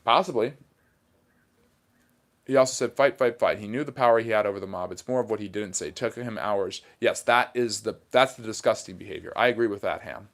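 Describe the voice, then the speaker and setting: A man hosting a casual livestream, reading viewer comments aloud and answering them in a plainspoken, mildly sarcastic and argumentative way. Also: fairly low pitch. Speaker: livestream host reading chat.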